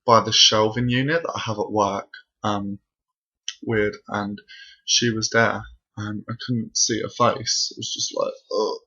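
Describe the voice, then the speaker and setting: A young man vlogs from his bedroom, rambling breathlessly through a spooky story of his own with lots of fillers in casual storytelling to camera. His fairly low voice is bright and forceful, edged with breath, and the recording is dull lo-fi.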